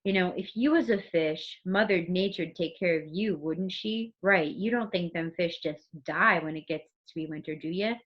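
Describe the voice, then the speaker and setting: A woman reading out a gruff male New York cab driver in a slightly raised voice, in a muffled recording. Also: fairly low pitch, normal speed, hardly any pauses, close to an everyday voice.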